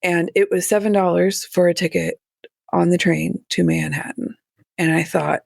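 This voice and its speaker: Woman with a gravelly voice telling her story. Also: fairly low pitch, steady tone, moderate pace, a little mellow, no echo, studio quality. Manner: candid, with nervous laughs and restarts. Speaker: podcast guest. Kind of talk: personal story in a podcast interview.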